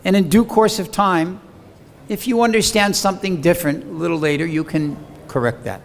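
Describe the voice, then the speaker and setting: A man giving voice to a gentle spiritual master, in a reverberant hall. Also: high voice, a little fast, gravelly. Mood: reassuring. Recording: long hall reverb, faint background hum.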